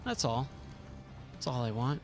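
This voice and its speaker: A man's voice: medium pitch, sing-song, measured pace, over music. A man streaming a driving game live, talking through his moves with a self-mocking, exasperated commentary and pleading with the game.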